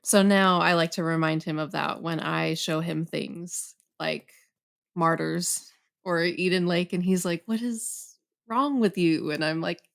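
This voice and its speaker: Chatty young woman with a low voice. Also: a little slow, creaky, smooth. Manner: relaxed, many fillers like "um" and "like". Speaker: guest horror journalist. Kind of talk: casual podcast chat.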